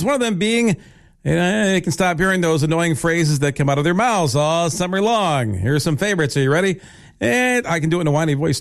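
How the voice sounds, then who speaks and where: A man hosting a radio show, chatting in a playful, joking way to parents. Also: on the high side. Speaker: radio host. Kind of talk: morning radio talk.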